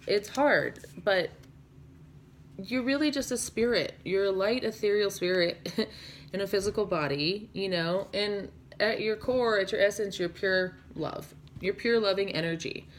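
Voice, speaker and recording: A woman's voice: medium pitch, measured pace, a little hiss or hum. A young woman giving a casual tarot reading to her viewers, rambling and dreamy, full of "like" and "you know". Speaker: tarot reader.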